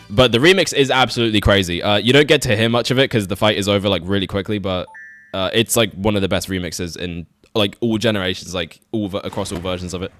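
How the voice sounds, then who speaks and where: A man's voice: on the low side, fairly bright tone. A young man streaming a game, chatting casually, rambling, swearing and laughing often while he talks to his chat.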